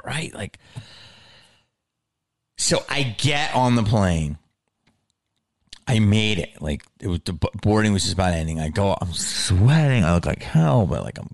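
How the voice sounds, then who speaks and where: A man hosting a solo podcast, telling a story in casual chat, animated and swearing freely as he acts out his own reactions, heard on a lower-quality backup recording. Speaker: podcast host.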